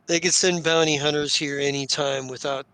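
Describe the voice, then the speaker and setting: Seven regal seven, man doing a formal careful rebel leader in a tabletop game, measured, kinda high voice. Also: steady tone, sharp tone, clear, resonant tone, no echo.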